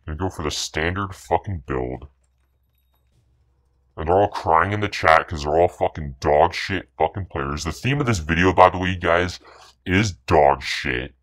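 A man with a lowish, slightly bright voice speaks at normal speed while commentating his own video game match. The gaming commentary is boastful and profane, full of contemptuous trash talk aimed at the other players and repetitive catchphrases.

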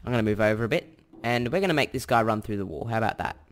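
A man's voice: on the low side, expressive, racing. Chatty young Australian man. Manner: chatty and self-correcting, thinks aloud while typing. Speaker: tutorial host. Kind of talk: casual screen-recorded coding tutorial.

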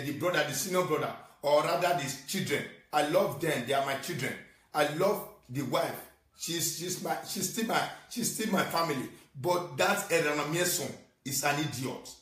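A man's voice: fairly high pitch, moderate pace, far from the mic. Ranting Nigerian man, echoey and off-mic. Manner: scolding, repetitive, swings from shouting to muttering. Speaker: social media ranter. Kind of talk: angry rant in Pidgin and English.

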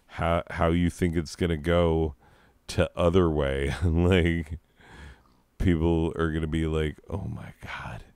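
A high man rambling crudely and joking as he hosts his own gameplay commentary. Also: little pitch movement, slow, a little mellow, smooth, no room sound, studio quality. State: high on drugs. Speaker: let's play host. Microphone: own desk microphone.

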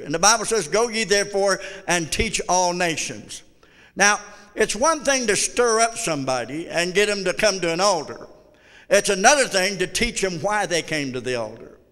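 Pastor, male, blunt folksy preacher, sharp tense tone, reverberant sanctuary. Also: sits high, clean tone. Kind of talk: sermon. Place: church sanctuary.

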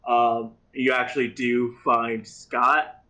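A man narrating as game master in a relaxed tabletop session. He speaks at a slow, measured pace and sets each scene without hurry. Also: medium pitch, low-quality recording.

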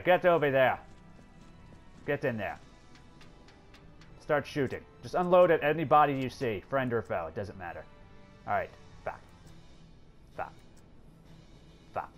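Excitable man swearing through game commentary. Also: mid-range voice, a little slow, pauses often, soft background music. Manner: excitable, swears a lot, talks to game characters. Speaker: gameplay commentator. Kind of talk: casual let's play commentary.

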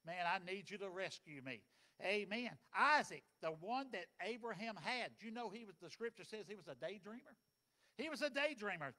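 A man preaching a sermon, folksy and dynamic, swinging between loud and soft. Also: sits high. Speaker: pastor.

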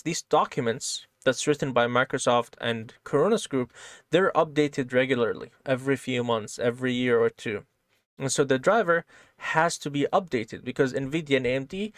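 In a screen-share coding lesson, a man explains programming step by step in a relaxed way, frequently asking "right?". His voice sits in the mid range, and the recording is dry and studio quality.

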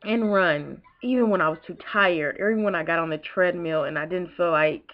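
A woman's voice: lowish voice, a little fast. A young woman vlogging casually, talking emotionally in a rambling way with restarts. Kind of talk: casual vlog talk. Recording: dull lo-fi home video.

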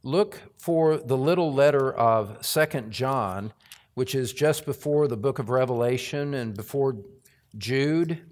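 Slow, emphatic preaching pastor, man. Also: medium pitch, darkish tone. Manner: emphatic preaching, swelling on repeated lists. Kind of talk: sermon. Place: church sanctuary.

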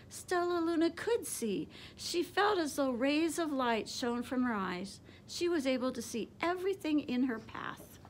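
A woman teacher reading a picture book aloud to children, expressive and animated. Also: sits high, a little hiss or hum.

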